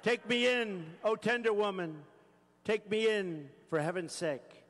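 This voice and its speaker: Man doing a sly male snake, high-pitched and unhurried, repetitive pleas, recited-poem feel, big hall reverb. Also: fairly bright tone. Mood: pleading. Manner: pleading then sneering, repetitive. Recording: long reverb of a large rally hall.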